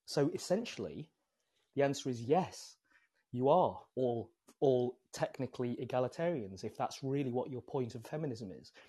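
A man's voice: mid-range voice, normal speed, slightly rough, dry recording. A man with a British accent, chatting casually on a podcast and telling stories with frequent tag questions. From Britain. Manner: animated storyteller, tag questions like "right?".

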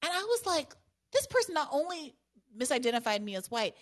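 A slightly high-voiced woman hosting a call-in podcast. She talks in a loose, animated way, often breaking into laughs as she takes calls. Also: a little fast. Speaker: podcast host taking calls. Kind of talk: casual call-in chat.

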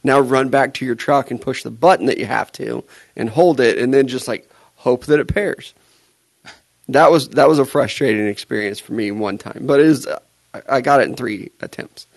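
Raspy man teasing in a dry room. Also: medium pitch, moderate pace, no room sound. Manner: teasing, joking banter. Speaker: podcast co-host. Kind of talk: casual chat.

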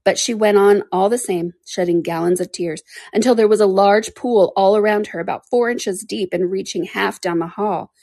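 Woman narrator, storybook reading, measured, dry close sound. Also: medium pitch, vocal fry, dark tone, no echo. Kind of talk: audiobook reading.

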